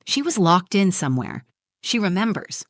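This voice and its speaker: A woman voicing a quiet, methodical husband who is shaken and cautious, in a storybook narration. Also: mid-range voice, sing-song, normal speed, no room sound, clean studio sound, close to an everyday voice. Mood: worried. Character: cautious shaken husband, man, middle-aged.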